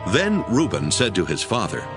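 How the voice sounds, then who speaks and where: A man with a low voice narrates scripture, his delivery rising and falling expressively. Music plays clearly behind him throughout. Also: moderate pace. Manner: steady storytelling. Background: backing music.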